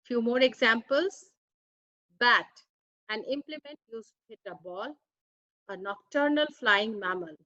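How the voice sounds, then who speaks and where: A woman with a fairly high, bright voice and a forceful tone teaches an English grammar lesson slowly and carefully, reading out each word and its meaning one at a time. The recording is dry and sounds dull.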